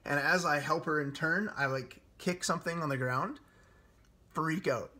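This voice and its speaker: A young man in his twenties telling a story in a casual chat, animated and laughing often. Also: fairly high pitch, normal speed, husky.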